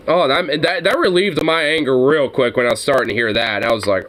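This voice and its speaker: A man's voice: mid-range voice, fairly quick, hardly any pauses, a bit bright. A young man telling a story casually, rambling and swearing constantly. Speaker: streamer.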